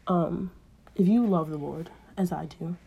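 A woman's voice: on the low side, a little slow, gravelly, husky, highs cut off. A woman podcast host retelling an old story in a casual, comedic, slangy and digressive way.

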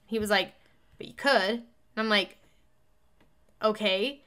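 A woman in casual chat, telling a personal story in an animated way and acting out both sides of a conversation. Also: mid-range voice, slow, clear, resonant tone.

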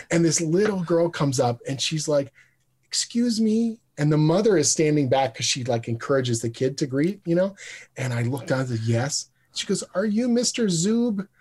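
A man, a guest comic writer, telling a lively anecdote in casual chat and acting out the quoted voices. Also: mid-range voice, slightly rough. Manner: animated storyteller, acts out quoted voices.

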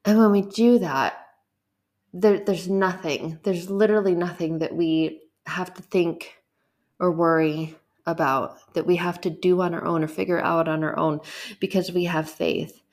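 Woman doing a faith podcast, kinda low with some vocal fry, earnest chatty tone. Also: steady tone, unhurried, darkish tone. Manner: earnest, conversational, repetitive and emphatic. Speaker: podcast host. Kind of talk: faith talk monologue.

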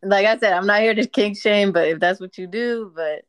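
A woman co-hosting a podcast in casual chat, blunt and quick to react. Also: mid-range voice, dry recording. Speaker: podcast co-host. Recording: dry remote recording.

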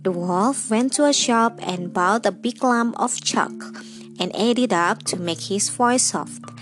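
A woman reads a fairy tale aloud, slow and measured, with a gentle rather high voice. She takes her time over each phrase. Soft music plays underneath. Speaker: storyteller. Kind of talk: storybook reading.

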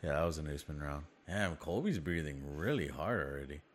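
Deep-voiced man casually calling a fight. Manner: excitable, swears casually, quick exclamations. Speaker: fight watch-along commentator. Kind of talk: casual live fight commentary.

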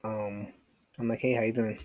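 A man's voice: fairly low pitch, level tone, moderate pace, a little mellow, dry recording. A man hosting a casual solo podcast, rambling with lots of fillers, restarts and casual swearing. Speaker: podcast host.

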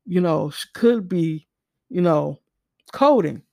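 A woman's voice: lowish voice, expressive, slow, creaky, darkish tone, dry recording, clean studio sound. A mother telling a faith testimony in an earnest, storytelling way, often repeating and restarting her words. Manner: earnest, repeats and restarts, acts out quoted voices.

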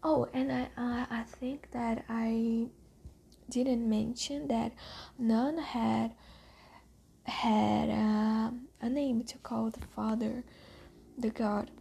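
A woman casually retelling a book's story, halting and searching for words, half whispering and swearing now and then. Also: fairly high pitch, steady tone, gravelly, warm tone, slight background noise. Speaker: reader retelling a book.

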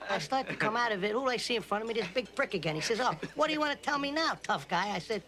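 An actor playing a hot-tempered mobster who swings from joking to menacing, swearing heavily. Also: male voice, high voice, animated, very fast, pushed and bright. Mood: storytelling. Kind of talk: film dialogue.

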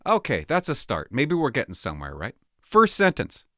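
A man's voice: medium pitch, wildly swooping pitch, moderate pace, a bit bright, no room sound, clean studio sound. Indignant sarcastic middle-aged man ranting. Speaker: former police officer reacting to news. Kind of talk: opinionated commentary vlog.

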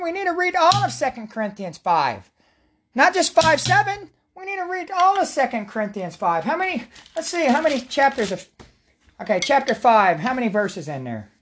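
A woman leading prayer and Bible talk at home on a livestream, excitable and rambling, repeating herself and bursting out loud. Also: mid-range voice. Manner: repetitive, excitable, rambling, prone to outbursts. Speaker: self-styled preacher leading prayer and Bible study.

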